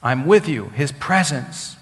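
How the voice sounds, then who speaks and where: A man's voice: medium pitch, animated, slow pace, a bit bright. A man preaching a sermon as a rabbi, teaching Hebrew words, asking the congregation questions and repeating key phrases for emphasis. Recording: long hall reverb.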